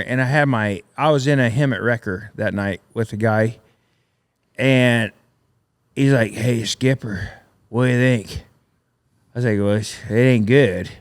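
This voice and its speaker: A man's voice: mid-range voice, clear, resonant tone. Rambling, profane storyteller man. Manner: profane, rambling war stories with frequent laughs. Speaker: podcast guest, welder and military veteran. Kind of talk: casual storytelling.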